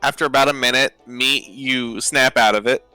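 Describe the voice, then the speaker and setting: A man narrating a tabletop game as dungeon master, halting with many "uh" fillers. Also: medium pitch, steady tone, sharp tone, clean tone, no room sound, faint music behind.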